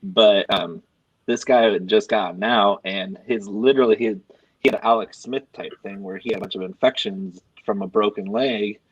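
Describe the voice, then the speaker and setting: A man's voice: on the low side, moderate pace, husky, no echo. A man casually telling a long, rambling story to friends, acting out the quotes. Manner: rambling, animated anecdote with acted quotes. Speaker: podcast co-host. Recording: dry, dull lo-fi sound.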